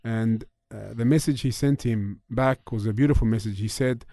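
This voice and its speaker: A man with an Australian accent hosting a radio talk show, relating a story and reflecting on it in a relaxed, conversational way. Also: medium pitch, normal speed, no echo, studio quality. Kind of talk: casual chat.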